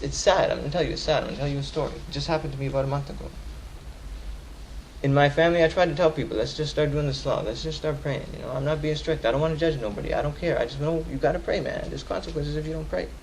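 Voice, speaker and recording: A young man giving a Friday sermon in casual slang, repeating lines for emphasis and swinging from loud urging to soft storytelling. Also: on the high side, a little hiss or hum, low-quality recording. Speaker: khutbah speaker.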